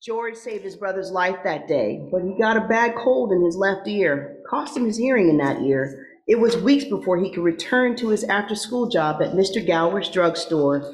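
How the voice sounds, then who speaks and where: A woman voicing a calm, patient senior angel who also narrates a radio play. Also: mid-range voice, normal speed, lightly acted. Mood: narrating. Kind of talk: old-time radio play.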